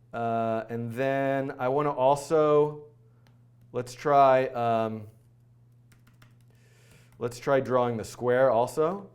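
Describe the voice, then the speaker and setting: A man hosting a live coding stream, thinking aloud in a rushed, flustered way, full of fillers and self-corrections. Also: medium pitch, a little mellow. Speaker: coding livestream host.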